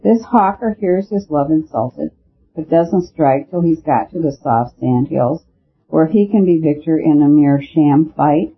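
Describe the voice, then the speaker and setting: A man voicing an eager male detective who reasons out loud in a storybook reading. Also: a little high, a little slow. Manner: eager, argumentative. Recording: narrow phone-like sound.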